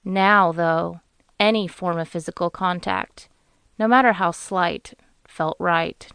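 Smooth, low-voiced woman narrating an audiobook. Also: dry recording. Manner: measured, even storytelling. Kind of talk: scripted narration.

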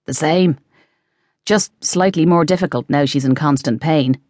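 A woman's voice: low voice, unhurried, a little mellow, no echo, studio quality. A woman voicing a teasing chef, a grown man who jokes his way through the talk. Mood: earnest. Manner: wry, joking banter.

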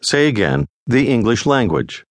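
A man narrating a scripted language lesson in a measured, patient teaching manner. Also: mid-range voice, very animated, no room sound. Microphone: close studio mic.

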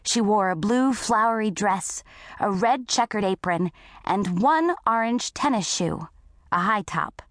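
Woman reading an audiobook slow, mid pitch, dry close mic. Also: animated, dry recording. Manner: first-person storytelling, unhurried. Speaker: audiobook narrator. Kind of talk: scripted narration.

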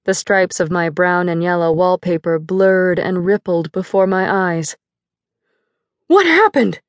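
A woman's voice: lowish voice, flat delivery, measured pace, clear, resonant tone, no echo. Woman narrating an audiobook in a dry studio. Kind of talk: first-person audiobook narration. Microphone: close studio mic.

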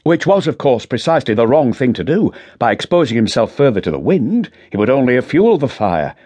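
A man's voice: mid-range voice, big pitch swings, brisk, a little mellow, voice pushed up. A man voicing a careful, polite younger male police detective in an audiobook. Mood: explaining.

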